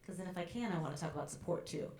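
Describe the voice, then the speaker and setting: A woman's voice: fairly low pitch, very fast, a little mellow. A woman voice teacher coaching a student in a master class, encouraging and demonstrating as she goes. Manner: encouraging, demonstrates with sung sobs. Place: college teaching hall. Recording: roomy hall with faint ambience.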